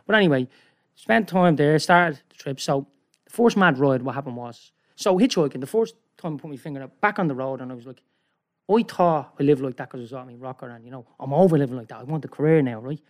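A man with an Irish accent telling a rambling, animated story as a guest, often checking in with "right?". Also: medium pitch, fast. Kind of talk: casual storytelling.

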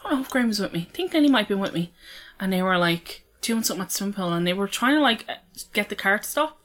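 A woman's voice: medium pitch, expressive, racing, fairly bright tone. A woman with a Dublin Irish accent, chatting casually and swearing freely as she tells stories. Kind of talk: casual chat.

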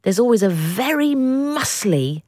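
A woman co-hosting a comedy podcast, chatting playfully and teasing with drawn-out emphasis. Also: on the high side, very animated, dark tone, no room sound, studio quality. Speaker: podcast co-host. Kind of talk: comedic casual chat.

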